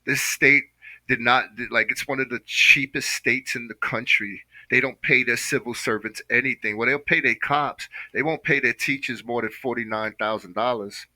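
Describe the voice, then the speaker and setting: Man, very bright forceful tone, dry close sound, impassioned preachy reaction commentary. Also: mid-range voice, steady tone, moderate pace, no room sound, poor audio. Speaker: reaction video host.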